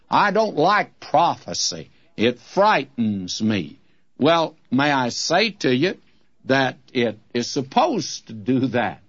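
Husky older man preaching on old radio. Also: medium pitch. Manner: folksy, direct address to listeners. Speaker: pastor. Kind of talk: radio Bible teaching sermon. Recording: dull lo-fi old radio recording.

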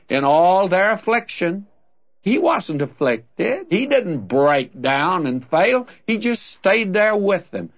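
A man's voice: on the high side, muffled recording. A man teaching through a Bible passage in an earnest, conversational preaching manner, speaking straight to the listener.

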